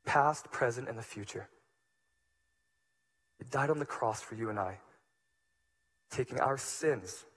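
A man preaching a sermon as pastor, moving between hushed, low passages and loud, emphatic ones. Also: breathy edge.

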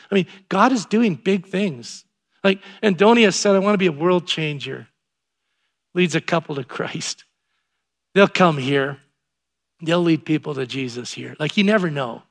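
A man preaching as a pastor, telling a story in a conversational way that rises to excited emphasis. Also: fairly high pitch, vocal fry. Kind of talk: sermon.

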